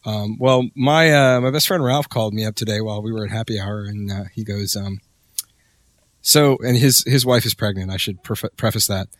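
A man hosting a podcast in a relaxed, casual chat, laughing often. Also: lowish voice, normal speed, no echo, studio quality. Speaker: podcast host.

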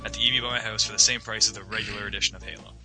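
A young man rattles through an anecdote at a quick clip, his voice bright and forceful. He strings his sentences together with "like" and slips into the voices of the people in his story. Music plays faintly behind him. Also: lowish voice, steady tone, low-quality recording. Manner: rambling, full of "like", acts out quoted voices. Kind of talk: casual storytelling chat.

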